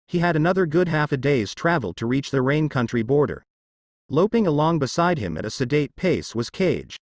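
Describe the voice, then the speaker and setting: A man narrating a fan fiction story in an even storytelling delivery. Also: mid-range voice, dry recording.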